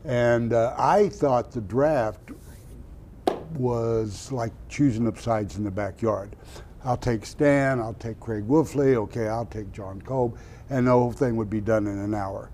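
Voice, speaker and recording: A man's voice: medium pitch, a little slow, a little hiss or hum. An older man from Oklahoma, a former football player, telling stories in an interview and laughing at himself. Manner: animated storyteller, laughs at himself. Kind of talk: storytelling interview.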